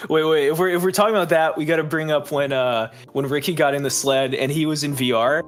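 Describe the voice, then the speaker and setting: A man's voice: fairly high pitch, steady tone, fast, faint music behind. Eager young man swapping stories. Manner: eager, chatty storyteller. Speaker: podcast co-host. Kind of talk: casual chat.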